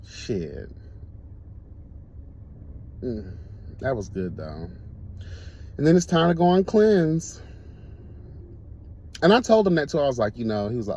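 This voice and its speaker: A man hosting a casual talk show, telling stories in a camp, animated way and laughing often. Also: mid-range voice, slow pace, pauses often, slight background noise. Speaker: host. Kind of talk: casual storytelling chat.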